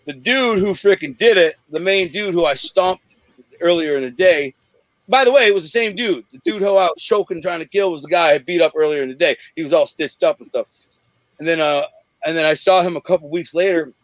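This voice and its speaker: A man in his forties from Detroit, bluntly telling rough stories in an interview over a video call, rambling with many restarts. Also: a little high, brisk, no room sound, low-quality recording. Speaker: interview guest. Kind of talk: candid storytelling in an interview.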